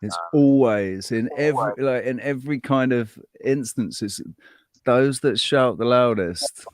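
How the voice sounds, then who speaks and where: A man hosting a casual chat, relaxed and quick to laugh. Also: mid-range voice, no echo, studio quality. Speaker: host.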